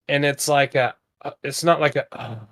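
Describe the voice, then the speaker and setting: A man's voice: on the high side, flat delivery, moderate pace, a bit bright. Earnest rambling male podcast host. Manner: earnest, rambling, with lots of fillers. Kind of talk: casual motivational talk.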